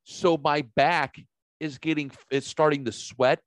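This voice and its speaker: A man's voice: a little high, fairly even intonation, unhurried, no room sound. Man, podcast host, casual chat, rambling, swearing, dry close sound. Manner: rambling, profane storytelling.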